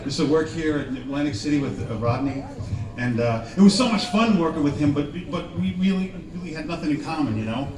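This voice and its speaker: A man's voice: on the high side, lively intonation, brisk. A man doing a stand-up comedy set on a live stage, telling rambling, self-deprecating stories with asides. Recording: echoey live room, far from mic, crowd. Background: audience laughter.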